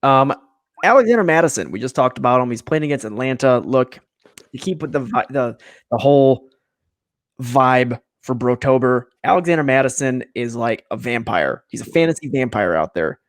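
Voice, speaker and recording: A man co-hosts a fantasy football podcast with a middling pitch and a playful, emphatic delivery. He jokes freely and talks straight at the players. The room is dry, with little echo. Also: expressive, normal speed. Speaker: podcast co-host. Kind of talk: casual sports talk.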